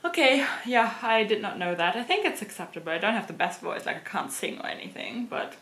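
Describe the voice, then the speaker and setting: A cheerful woman with a German accent chats to camera as a luxury fashion vlogger and laughs easily. English is not her first language. Her voice sits at a middle pitch and carries a roomy echo from the room. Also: very animated, brisk, a bit bright. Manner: laughs and giggles often. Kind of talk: casual chat to camera.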